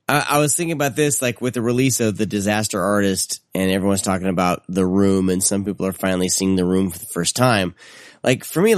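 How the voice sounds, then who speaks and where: Guy on a podcast, halting and unsure, dry close mic. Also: on the low side, no room sound. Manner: hesitant, halting, searching for words. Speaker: podcast co-host. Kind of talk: casual film podcast chat.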